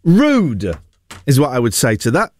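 A man's voice: medium pitch, wildly swooping pitch, unhurried, darkish tone. A man hosting a radio phone-in, chatting casually with callers in a jokey, sarcastic, self-mocking way. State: getting a sore throat. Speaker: radio host. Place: radio studio. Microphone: studio microphone.

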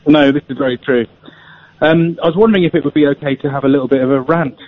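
A man calling a radio show on a tablet headset, talking hesitantly with many pauses. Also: a little high. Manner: hesitant, many ums, earnest. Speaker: caller. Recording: dull lo-fi phone-in audio.

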